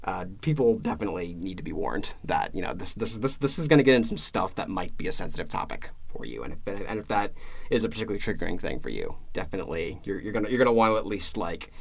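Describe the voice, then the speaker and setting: A man's voice: sits low, sing-song, quick pace, gravelly. A man co-hosting a casual podcast, talking with many restarts and repeated words and laughing as he retells scenes. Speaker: podcast co-host.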